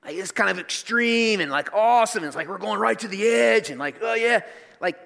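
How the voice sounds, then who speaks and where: A man voicing an eager, chatty young son who talks in an upbeat, excited way. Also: high-pitched, brisk, vocal fry, big-room sound, heavily acted. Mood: uneasy.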